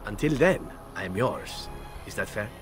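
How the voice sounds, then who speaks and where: An actor playing a charming, flirtatious male elf assassin in a video game, smooth and flattering. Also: fairly low pitch, normal speed, over music. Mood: playful.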